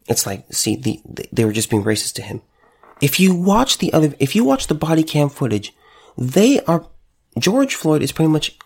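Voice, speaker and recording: A man's voice: fairly high pitch, big pitch swings, moderate pace, vocal fry, a little mellow, slightly rough. A man who runs a store, delivering an impassioned monologue to camera, emphatic and repeating phrases for stress. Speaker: store owner.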